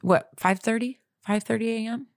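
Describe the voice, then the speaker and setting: A young woman co-hosts a casual podcast chat, telling a story in an animated way and acting out her own reactions. Her voice is dry and close, with no room sound around it. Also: on the high side, normal speed, no room sound. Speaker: podcast co-host.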